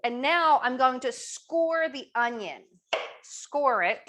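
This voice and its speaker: A woman's voice: high voice, lively intonation, slow pace, background noise. A middle-aged woman hosting a live online cooking demo, upbeat and chatty, asking viewers to type answers in the chat. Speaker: cooking class host.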